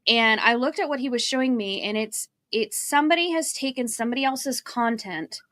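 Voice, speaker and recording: A woman's voice: a little high, fairly quick, fairly bright tone, no room sound, clean studio sound. A woman from Arizona co-hosting a marketing livestream, chatty and laughing as she drifts into tangents. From Arizona, USA. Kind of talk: casual live-stream chat.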